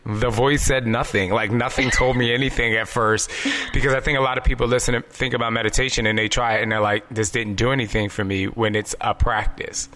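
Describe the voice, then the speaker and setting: A man's voice: medium pitch, little pitch movement, fairly quick, pushed and bright. A man hosting a podcast, talking earnestly and openly emotional in a casual interview chat, often restarting his sentences. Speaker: podcast host.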